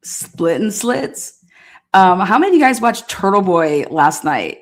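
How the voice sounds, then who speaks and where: A woman's voice: mid-range voice, big pitch swings, moderate pace. A woman hosting a live stream, chatting casually with viewers in a sassy, blunt way and swearing now and then. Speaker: livestream host.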